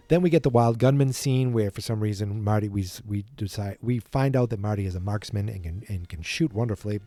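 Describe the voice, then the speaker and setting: A man's voice: fairly low pitch, a little fast, hardly any pauses, warm tone, no room sound, studio quality, faint music behind. A man hosting a podcast, casually retelling a film from memory in a rambling, playful way that often corrects itself. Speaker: podcast host.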